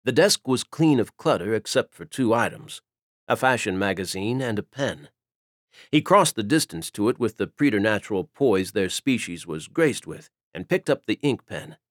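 In studio quality with no echo, a man with a fairly low pitch narrates a scripted audiobook story. He speaks at normal speed in a steady, even storytelling manner.

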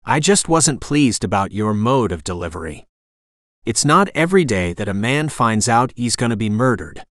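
A man reading the lines of a gruff immortal warrior in an audiobook, growling and dry. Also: mid-range voice, very animated, normal speed, fairly bright tone, no room sound. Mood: irritated.

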